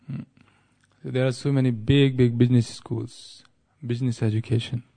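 A man's voice: mid-range voice, flat delivery, moderate pace, gravelly, dark tone. A man giving a devotional lecture, telling a sacred story in an easygoing way, restating and explaining as he goes and chuckling at his own wordplay. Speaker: spiritual speaker.

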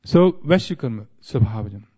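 A man's voice: medium pitch, lively intonation, fairly quick, warm tone, slightly rough. A man giving a devotional lecture, telling a sacred story in an easygoing way, restating and explaining as he goes and chuckling at his own wordplay. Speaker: spiritual speaker.

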